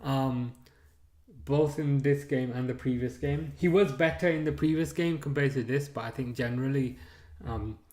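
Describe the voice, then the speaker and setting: A man's voice: mid-range voice, moderate pace, reverberant. A man hosting a live stream, chatting casually through a match, reading out viewer comments and trailing off into frequent fillers. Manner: relaxed, hesitant with many fillers; reads out and answers viewer chat.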